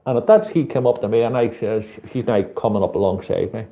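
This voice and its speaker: A man's voice: lowish voice, fast, few pauses. A middle-aged man with a Northern Irish accent, telling a street story in casual chat and swearing freely. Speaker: street photographer hosting a live chat. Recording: tinny phone-like audio.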